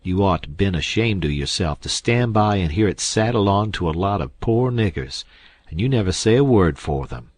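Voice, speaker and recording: A man voicing a middle-aged male con man who scolds his partner loudly and sarcastically. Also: low voice, expressive, moderate pace, dry recording. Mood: angry.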